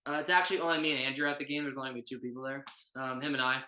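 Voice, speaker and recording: A man co-hosting a casual sports podcast, excitable and loose, often trailing off mid-sentence. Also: medium pitch, racing. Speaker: podcast co-host.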